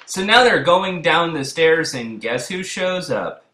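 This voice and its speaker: Sarcastic young man reviewing, lively pitch. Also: unhurried. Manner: sarcastic, swears, breaks into repeated yelled gags. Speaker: video reviewer. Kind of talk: comedic review commentary. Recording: roomy echo.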